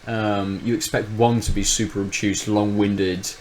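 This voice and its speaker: Rambling man, low voice. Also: level tone, measured pace, darkish tone, a little hiss or hum, poor audio. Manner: rambling, thinks aloud with many restarts. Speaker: podcast co-host. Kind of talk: casual chat.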